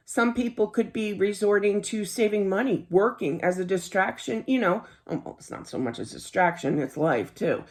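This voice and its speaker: A middle-aged woman giving a casual tarot reading in a chatty, earnest way, laughing easily and often saying "you know.". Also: medium pitch. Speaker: tarot card reader.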